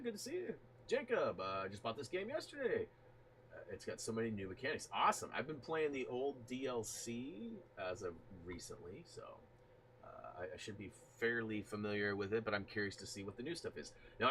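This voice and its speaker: A man casually chatting while hosting a gaming live stream, greeting viewers from the chat in an animated way. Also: on the low side, slight background noise.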